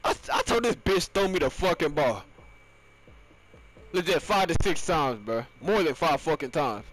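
A young man rants through his gameplay commentary in a somewhat high voice. He swears constantly and bursts into frustrated yells, then sinks back into low, grumbling mutters. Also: expressive, moderate pace, slight background noise. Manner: ranting, profane, often yelling in frustration; swings between loud outbursts and low muttering. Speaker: gamer.

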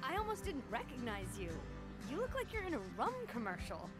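A woman's voice: sits high, sing-song, brisk, loud music behind the voice. An actress playing a caring, earnest teenage girlfriend. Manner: concerned, earnest.

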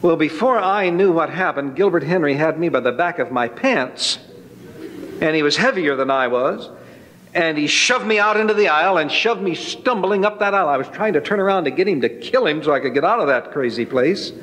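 A man's voice: fairly high pitch, expressive, fairly quick, a bit bright, a little hiss or hum. A man giving a spoken personal testimony, telling it as a folksy, dramatic story. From Northern California. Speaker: testimony speaker. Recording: long hall reverb.

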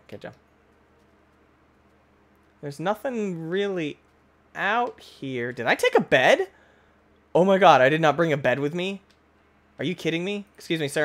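Goofy excitable young man gaming. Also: medium pitch. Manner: goofy, excitable, talks to animals. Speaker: gaming YouTuber. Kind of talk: Minecraft let's play commentary.

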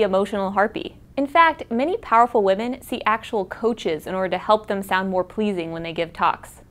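A woman journalist narrating a scripted explainer and interviewing an expert, in a clear, even and conversational way. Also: medium pitch.

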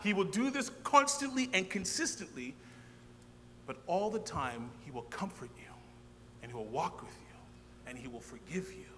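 A man, a minister, telling his personal testimony to a gathering, acting out the dialogue with lively energy. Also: on the high side, normal speed. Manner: animated storyteller who acts out dialogue. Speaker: ordained minister sharing testimony. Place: large hall at a church gathering. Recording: long hall reverb with faint hum.

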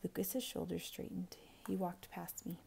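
A woman teacher reading a novel aloud, expressive, quiet and intense. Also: lowish voice, normal speed, gravelly, slight background noise.

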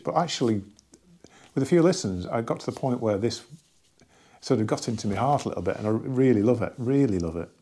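Man, gravelly low voice, mellow tone, rambling casual record-collector vlog, lots of restarts. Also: lively intonation. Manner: rambling and enthusiastic, many pauses and restarts. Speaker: record collector reviewing an album.

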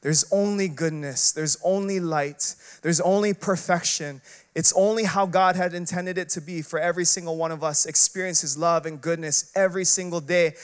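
A man preaching a sermon as an associate pastor. He talks conversationally, using lots of filler words and rhetorical questions. He swings between loud, emphatic bursts and quiet, hushed passages. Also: fairly high pitch, fairly even intonation, normal speed, clear, resonant tone.

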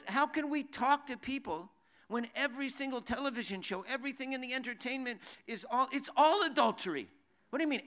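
A Bible teacher with a very high voice and a bright, forceful tone teaches a sermon in a conversational way. He asks many rhetorical questions, restarts often, and reads verses in Hebrew before translating them.

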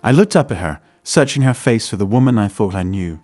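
Low-voiced man narrating a story. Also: expressive, fairly quick, a little mellow, no echo, soft background music. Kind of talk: scripted first-person story narration.

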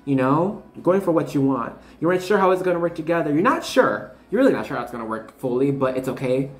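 A fast-talking tarot reader in her 20s, with a low-sitting voice and lively intonation, gives viewers a casual, rambling reading in an echoey room. Fillers, bubbly asides and self-interruptions run throughout.

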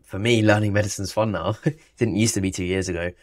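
A man's voice: lowish voice, fairly even intonation, quick pace, dry recording, clean studio sound. A young man, a medical student hosting a podcast interview, upbeat and encouraging, with restarts and ums. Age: young adult. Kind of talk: casual interview talk.

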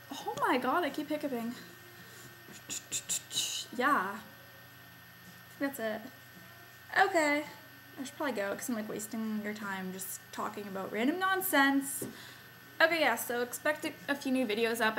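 A woman's voice: on the high side, fairly bright tone, slight background noise, poor audio. A young woman from Canada chatting casually to her camera at home, rambling with lots of fillers like "um" and "like". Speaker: vlogger. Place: home, indoors, by a Christmas tree.

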